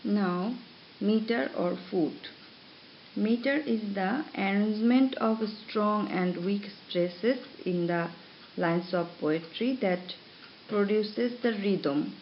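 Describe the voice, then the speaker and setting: A woman lecturer reading her notes aloud to students in a slow, measured way, pausing between phrases. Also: medium pitch. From Bangladesh. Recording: dull lo-fi recording with faint hiss.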